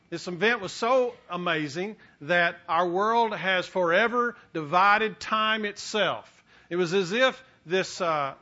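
A middle-aged man preaches a sermon with a high, bright voice. He talks in an animated way, stumbling over restarts and then driving up to emphatic peaks. The recording sounds dull and lo-fi. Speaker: pastor.

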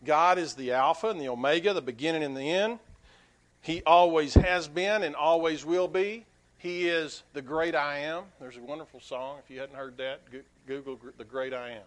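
A man's voice: fairly high pitch, normal speed. A man preaching a sermon as pastor, telling a story earnestly with frequent restarts.

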